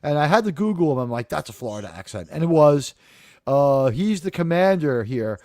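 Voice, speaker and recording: A man hosting a casual live-stream discussion, chatty and animated, often acting out characters' lines. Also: on the high side, a little fast, no room sound, studio quality. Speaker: live show host.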